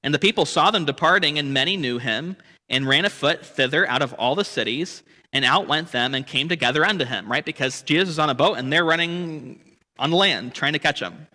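A man's voice: fairly high pitch, a little fast, pushed and bright, in a large hall. A man leading a church Bible study lesson, explaining the text and asking rhetorical questions with frequent "right?". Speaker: Bible teacher.

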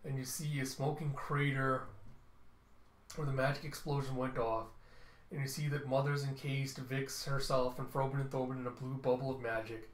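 A man casually narrating a comic book readthrough, animated and chuckling as he goes. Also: mid-range voice, moderate pace. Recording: roomy room echo.

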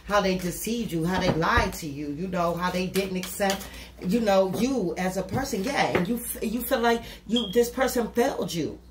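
A woman giving a casual tarot reading to camera, talking bluntly and with plenty of swearing, often saying "you know". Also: medium pitch. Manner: blunt, profane and talkative, with repeated "you know". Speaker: tarot reader. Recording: echoey room with steady noise.

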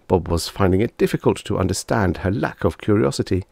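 A man reads a vintage science fiction tale in a lowish voice that rises and falls freely. His storytelling is dry and even-handed. The recording is close and dead, with no room sound. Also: brisk, vocal fry, dry recording. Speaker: audiobook reader.

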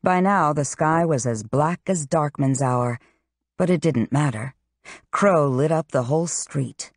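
A woman reading a fantasy novel aloud in steady, scripted narration. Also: low voice, measured pace, no room sound, studio quality. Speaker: audiobook narrator.

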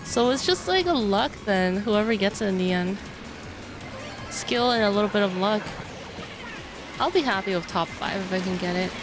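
A young woman streaming live, chatting excitedly and laughing as she plays a kart racing game. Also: medium pitch, moderate pace, pauses often. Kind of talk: live gameplay commentary. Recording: game music loud behind voice.

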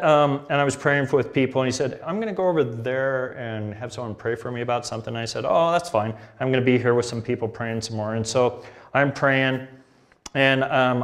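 A middle-aged man preaching a sermon, telling a family story with laughter and acted-out dialogue. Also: mid-range voice. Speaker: pastor.

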